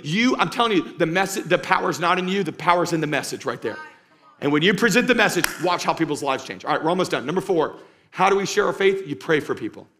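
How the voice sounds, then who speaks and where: Emphatic preaching pastor, a man. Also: a little high. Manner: emphatic, repeats key lines for stress; shifts between loud urging and slow quiet emphasis. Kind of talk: sermon. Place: church stage before a live congregation.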